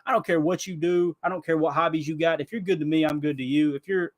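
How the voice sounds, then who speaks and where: Animated Southern-accented podcast storyteller. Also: male voice, fairly high pitch, fast. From Kentucky. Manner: lively, animated storyteller, says "bro" and "man". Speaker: podcast co-host.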